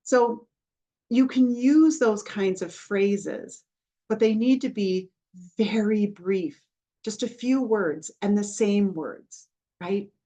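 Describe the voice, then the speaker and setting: A woman hosting a podcast, explaining in a patient, instructive way and often checking in with the listener, softening her voice when she models calming phrases. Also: medium pitch, slow pace. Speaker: podcast host, child development professional.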